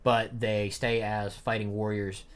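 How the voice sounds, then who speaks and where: A man's voice: lowish voice, flat delivery, unhurried, clean tone. A young man reading a manga chapter aloud and chatting about it in a rambling, casual way. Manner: rambling, chatty asides with fillers. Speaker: manga reaction streamer. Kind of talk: casual live reading and commentary.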